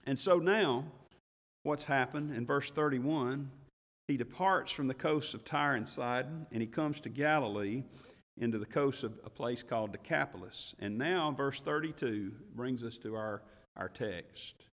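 A man preaching a sermon as pastor, swinging between loud emphatic passages and hushed, slow ones, and reading scripture in King James wording. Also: medium pitch, big-room sound. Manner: reads scripture aloud in King James wording with rising intensity.

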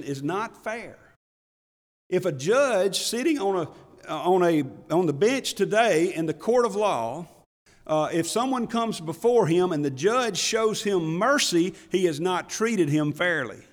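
A man preaching in a church sanctuary, his voice high for a man. He talks in a folksy, conversational way, repeating phrases for emphasis. The hall adds a long, ringing reverb. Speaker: pastor. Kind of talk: sermon.

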